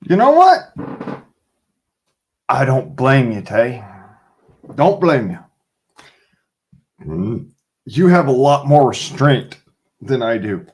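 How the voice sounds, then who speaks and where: A man rambling through a casual livestream rant, swearing freely and laughing between lines. His voice sits at an ordinary pitch but swings widely and expressively as he talks. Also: lively intonation, takes it slowly, long pauses, a little mellow. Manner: profane, rambling, laughs often. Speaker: livestream host chatting with viewers. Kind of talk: casual rant to a live chat.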